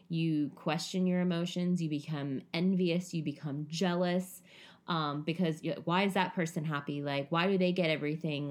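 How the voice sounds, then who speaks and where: A young woman co-hosting a casual chat, animated, her voice jumping high when she acts out what people say. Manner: animated, swoops high when acting out quotes. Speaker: podcast co-host.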